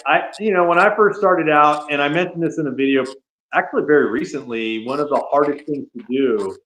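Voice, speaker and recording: A man's voice: mid-range voice, fairly bright tone. A man talking as a podcast guest, telling stories casually with lots of "you know" and "man.". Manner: chatty storyteller, frequent "you know" and "man". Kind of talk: casual chat. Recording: echoey room.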